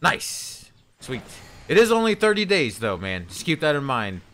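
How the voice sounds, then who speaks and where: A man's voice: on the high side, huge pitch swings, normal speed, a bit bright. A man streaming a video game, chatting casually with viewers in a hesitant, rambling way. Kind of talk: casual live-stream chat.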